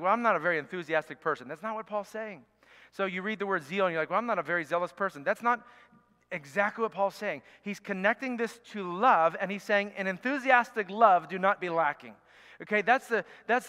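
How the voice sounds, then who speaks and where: High, bright-voiced man preaching in a hall. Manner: conversational teaching with frequent okays and restarts. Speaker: pastor. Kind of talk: sermon. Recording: reverberant hall.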